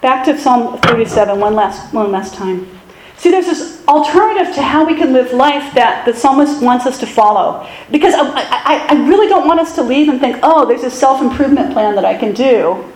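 A woman pastor giving a sermon in a conversational, self-deprecating way with animated asides. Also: a little high, reverberant, rough recording.

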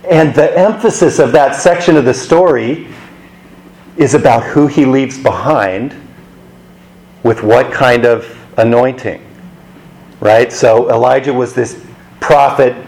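A man's voice: mid-range voice, darkish tone, low-quality recording. A man preaching a sermon in a conversational way, asking rhetorical questions.

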